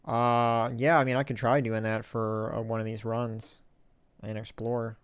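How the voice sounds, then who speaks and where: Guy streaming a game, smooth clear voice, dry sound, lots of ums, kinda wry about it. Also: medium pitch, flat delivery, measured pace, no echo. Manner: rambling and hesitant, reads viewer chat aloud; wry, self-mocking. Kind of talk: casual gameplay commentary on a live stream.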